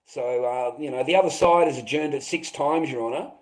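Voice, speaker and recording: A man's voice: medium pitch, brisk, hardly any pauses, poor audio. A middle-aged man ranting on a casual livestream, swearing a lot, his voice climbing when he gets worked up. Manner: agitated, swearing, voice rising when upset.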